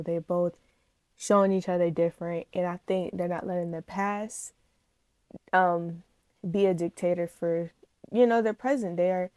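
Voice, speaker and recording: A woman reaction vlogger in a casual chat to her viewers, speaking, animated, gushing and emotional. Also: fairly low pitch, no room sound. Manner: chatty, animated, addresses viewers as y'all.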